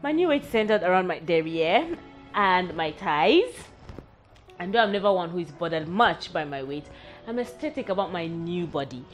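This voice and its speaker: A woman's voice: lowish voice, expressive, moderate pace, faint music behind. A young woman, hosting a candid personal vlog in a frank, wry, self-mocking way. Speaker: vlog host.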